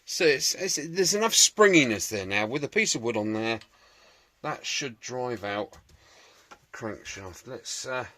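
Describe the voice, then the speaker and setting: A man's voice: medium pitch, expressive, measured pace, pushed and bright, no room sound. A man talking through a restoration job in his workshop, chatty and jokey, muttering to himself and swearing mildly. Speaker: restoration video maker.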